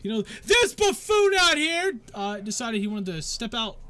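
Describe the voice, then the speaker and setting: A man voicing an eager young male card shop clerk who talks in a high, salesy, pushy way. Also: sing-song, normal speed, sharp tone, clean tone, exaggerated voice.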